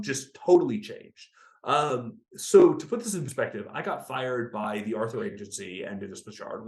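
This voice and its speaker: A man in his thirties, a podcast guest telling his story in an interview, animated and acting out the people he quotes. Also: medium pitch. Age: 30s. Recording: roomy echo.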